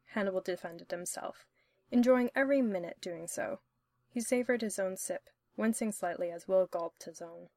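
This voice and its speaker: A woman narrating a story in an even, steady reading manner. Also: fairly low pitch, normal speed, no echo. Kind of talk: audiobook-style story reading.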